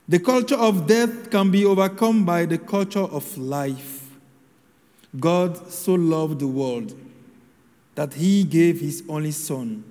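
A man preaching a sermon in a slow, measured homily delivery with solemn pauses. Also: high voice, darkish tone, long reverb tail.

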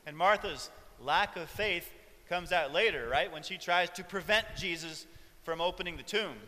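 A male preacher giving a reflective sermon, with soft chuckles along the way. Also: sits high, moderate pace, in a large hall.

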